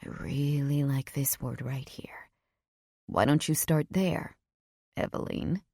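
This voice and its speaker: Female narrator voicing a teasing male lead, low whisper, dry close read. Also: unhurried, creaky, a little mellow, dry recording, exaggerated voice. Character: smug flirtatious man, teasing.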